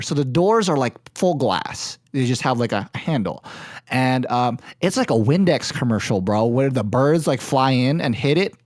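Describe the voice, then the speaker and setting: A young man telling stories casually on a podcast, animated and acting out the voices of others. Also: medium pitch, moderate pace, no room sound, clean studio sound. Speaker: podcast co-host. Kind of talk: casual storytelling.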